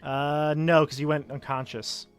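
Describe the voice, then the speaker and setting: A man narrating as game master of a tabletop game, casual and halting with many fillers. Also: on the high side, flat delivery, clear, resonant tone, soft background music.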